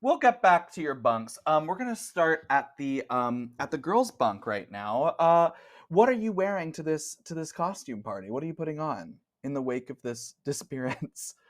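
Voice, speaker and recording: A man running a tabletop horror game as game master, relaxed and chatty with laughing asides. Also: fairly high pitch, normal speed.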